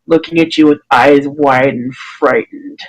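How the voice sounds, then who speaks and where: A woman narrating a tabletop game as dungeon master, pausing often to find her words. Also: extremely low pitch, huge pitch swings, gravelly, poor audio. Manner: hesitant, many fillers and restarts while describing.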